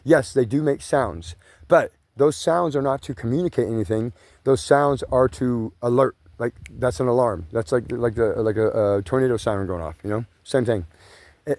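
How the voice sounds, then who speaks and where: Out walking grassland trails, a vlogger rambles on with plenty of profanity and frequent "you know"s and "bro"s. His mid-range voice has a darkish tone, moves at a normal speed, and is captured with no echo.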